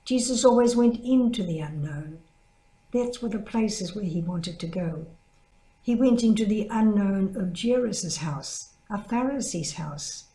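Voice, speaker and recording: An older woman with a mellow, soft-edged voice tells a story as part of a spoken reflection. She brings the quoted people to life by raising her pitch. The recording carries a noticeable room echo. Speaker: religious sister giving a reflection. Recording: echoey room.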